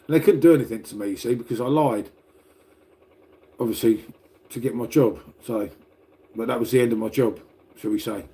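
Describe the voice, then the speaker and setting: Older English bloke, livestream chat, rambling and sweary, mellow low tone. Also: male voice, a little fast, pauses often. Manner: rambling and swears freely, calls everyone mate. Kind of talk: casual livestream chat with viewers. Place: at home, making coffee.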